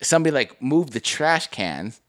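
A man's voice: mid-range voice, sing-song, normal speed, a bit bright. A man co-hosting a podcast in casual chat, telling stories animatedly, laughing and swearing often. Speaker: podcast co-host.

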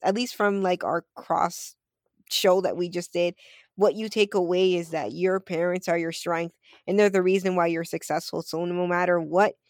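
Woman guest, lowish voice, emphatic and supportive, salty language, dry close sound. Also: steady tone, moderate pace, no room sound. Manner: emphatic, encouraging, swears freely. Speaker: podcast guest. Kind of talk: casual chat.

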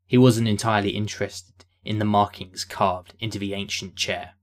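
A man reading a fantasy story aloud in a steady, descriptive storytelling style. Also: fairly low pitch, moderate pace. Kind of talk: scripted narration of a fantasy story.

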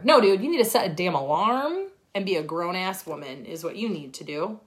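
A woman's voice: on the low side, lively intonation, a little fast, few pauses. A woman coaching her team on a livestream from her phone, talking in a blunt, profane, fired-up way. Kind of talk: livestream pep talk.

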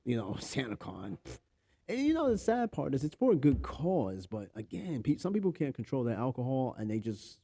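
New york guy reading news off his phone, swears a lot, super dark mellow voice, dry close sound. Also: mid-range voice, dry recording. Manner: profane, offhand, reads articles aloud with asides. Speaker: podcast host. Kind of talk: casual news commentary.

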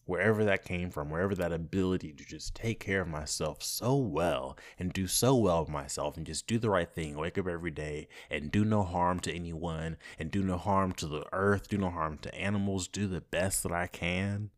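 A young man hosting his own podcast, talking casually and swinging from soft, grateful reflection to loud, playful bursts. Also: deep voice, moderate pace, few pauses. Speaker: podcast host. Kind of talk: casual solo podcast monologue.

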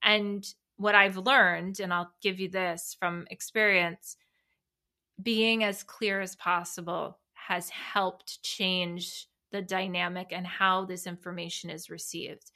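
A woman's voice: on the low side, little pitch movement, slow pace, pushed and bright. A woman hosting a solo podcast, talking candidly and reflectively in a loose, conversational way with frequent restarts. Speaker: podcast host.

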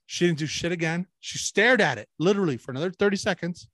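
A man's voice: high voice, animated, quick pace, fairly bright tone, no echo. A man co-hosting a crude podcast, telling rambling, profane stories and mimicking people he quotes. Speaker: podcast co-host. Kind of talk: crude casual chat.

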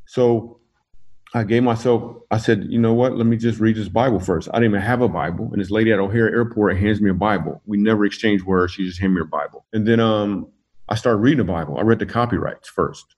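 Deep-voiced man telling comic stories. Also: brisk, dull audio. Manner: animated storyteller, laughs through his jokes. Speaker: comedian guest. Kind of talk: casual interview storytelling.

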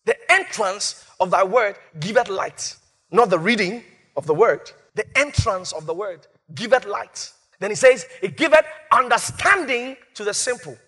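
A male pastor preaching a sermon, repeating key phrases with dramatic rises and sudden soft drops. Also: high-pitched, husky.

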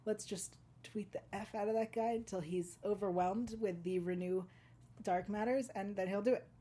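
A woman's voice: medium pitch, steady tone, moderate pace, mellow. A woman hosting a fan podcast, chatty and laughing often, with many ums. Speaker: podcast host. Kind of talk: casual chat and read ad.

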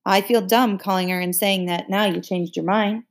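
A woman's voice: medium pitch, fairly even intonation, moderate pace, natural voice. A woman voicing a prim, bossy teenage girl who corrects others and sweet-talks.

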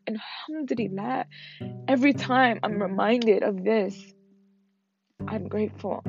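A young woman talks alone into her podcast mic, earnest and emotional, often pausing as she speaks. Her voice has a gravelly fry to it. The recording is muffled and lo-fi, with music clearly playing underneath. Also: medium pitch. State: fasting. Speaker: podcast host. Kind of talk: reflective solo podcast talk.

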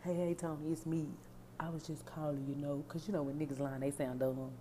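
A shifty boyfriend stalls on a phone call, hesitant and mumbling through his excuses, as a woman puts him on. The voice sits a little low and sounds mellow. It is an everyday speaking voice with no heavy acting. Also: level tone, a little fast, slight background noise, natural voice. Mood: evasive.

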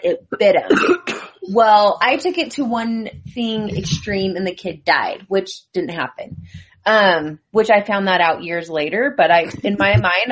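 A woman's voice: medium pitch, slight background noise, rough recording. A woman in casual chat with friends, laughing often and telling a childhood story. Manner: chatty, laughs often, quick reactions.

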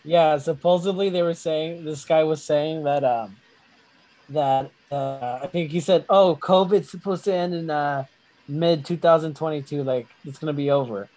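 A man's voice: fairly high pitch, normal speed, darkish tone, rough recording. A young man co-hosting a casual podcast, telling rambling, profane stories and laughing often. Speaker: podcast co-host. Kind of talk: casual chat.

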